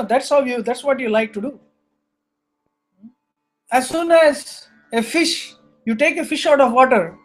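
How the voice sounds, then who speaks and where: A man teaching a scripture lesson, telling animated stories and acting out the characters in them. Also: very high-pitched. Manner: animated storyteller, acts out characters. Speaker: spiritual teacher.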